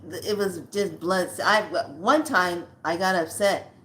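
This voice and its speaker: Chatty woman in her sixties, low-voiced. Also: slow, fairly bright tone. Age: 60s. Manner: chatty, addresses viewers as lovelies, blunt and earthy. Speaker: spiritual vlogger. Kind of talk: casual storytelling to camera.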